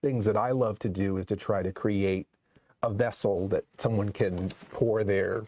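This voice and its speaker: A man's voice: on the low side, steady tone, a little slow, mellow, a little hiss or hum. A man hosting a horror movie show, chatting casually on a live stream and rambling with many restarts. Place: studio set.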